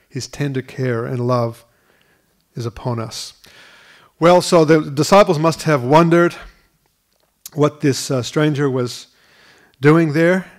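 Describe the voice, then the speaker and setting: A man's voice: on the high side, steady tone, unhurried, long pauses. Earnest man preaching a sermon. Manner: earnest, repeats words at restarts. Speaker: pastor. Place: school hall used for church.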